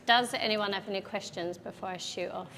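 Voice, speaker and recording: A woman's voice: medium pitch, steady tone, fairly quick, vocal fry, fairly bright tone. A woman hairdresser demonstrating a cut live, explaining each step as she works, in a large event hall. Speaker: hairdresser educator. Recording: echoey hall with faint background noise.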